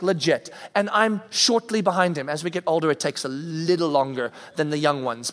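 A man's voice: high voice, fairly bright tone. A man preaching a conversational sermon as a pastor, acting out everyday reactions, recorded with a long hall reverb.

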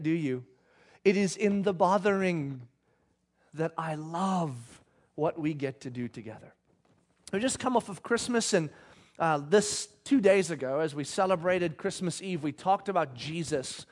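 Male pastor with a high voice; chatty, humorous sermon delivered live in church. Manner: conversational, joking, asks the audience questions.

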